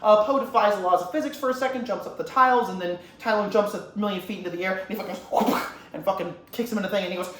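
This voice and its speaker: A man's voice: sits high, very fast, hardly any pauses, a bit bright. A young man who rambles and swears a lot as he retells a movie scene in a casual, comic way. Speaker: YouTuber. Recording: roomy echo, faint ambient noise.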